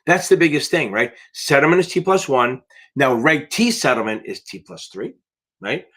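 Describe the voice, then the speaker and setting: A man's voice: fairly high pitch, lively intonation, normal speed, fairly bright tone. A man tutoring for a finance licensing exam on a live question-and-answer stream, talking bluntly and emphatically and swearing for emphasis.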